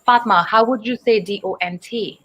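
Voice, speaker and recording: A woman's voice: medium pitch, normal speed, a bit bright, poor audio. A woman from Dubai teaching an online English speaking class, patiently explaining and quizzing her students. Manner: patient, encouraging, spells out words and asks students questions. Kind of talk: online group speaking lesson.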